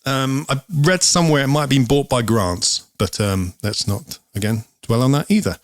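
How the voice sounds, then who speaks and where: A man's voice: mid-range voice, normal speed, no room sound, studio quality. A man co-hosting a whisky show, chatting casually and explaining with lots of ums. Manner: rambling, explaining with many ums. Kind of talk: casual chat.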